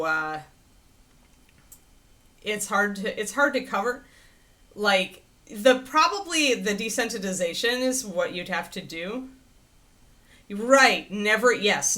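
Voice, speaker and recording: A woman hosting a livestream, chatting casually and answering viewers' questions in a rambling, animated way with frequent laughter. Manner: animated, swinging pitch into playful quoted voices. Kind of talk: casual chat.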